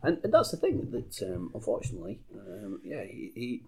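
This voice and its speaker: A man's voice: fairly low pitch, huge pitch swings, normal speed. A man co-hosting a podcast in a bar, chatting casually and hesitantly with many fillers and restarts. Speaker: podcast co-host. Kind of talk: casual chat. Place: bar in San Diego.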